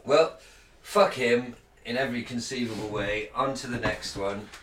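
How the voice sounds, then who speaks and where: Sweary, sarcastic podcast co-host. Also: male voice, medium pitch, steady tone, moderate pace, a bit bright. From England. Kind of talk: casual banter. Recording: roomy, distant mic, faint noise.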